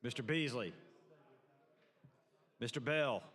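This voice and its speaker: A man reads out a roll call very slowly, one name at a time, his voice a little husky. The sound carries a long hall reverb from a large legislative chamber. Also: medium pitch. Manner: measured, even name-by-name delivery. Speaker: senate secretary. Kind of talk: calling the roll.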